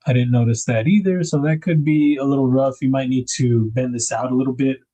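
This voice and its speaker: A man's voice: medium pitch, fairly even intonation, a little fast, mellow, poor audio. A man hosting a knife livestream, chatting casually and rambling as he unboxes gear. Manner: laid-back, rambling, thinks aloud with fillers.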